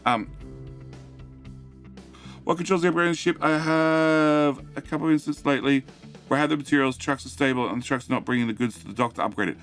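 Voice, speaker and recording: Bright-voiced, rambling Australian man. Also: fairly high pitch, steady tone, fairly quick, long pauses, faint music behind. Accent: Australian, though light. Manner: rambling, self-mocking, reads chat aloud; many fillers and restarts. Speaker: game streamer. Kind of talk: casual live-stream chat.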